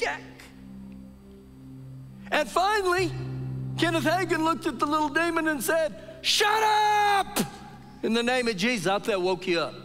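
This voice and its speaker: High-voiced preacher in a reverberant church. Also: male voice. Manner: animated storytelling preacher, acts out quotes. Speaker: pastor. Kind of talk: sermon. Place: church sanctuary during a service. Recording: live church service with long reverb and faint music.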